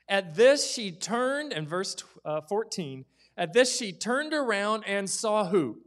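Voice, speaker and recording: High-voiced pastor preaching with drama. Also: male voice, lively intonation, slow pace, few pauses, fairly bright tone. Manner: storytelling, acts out quoted voices, drops to whispers. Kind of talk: sermon. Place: church.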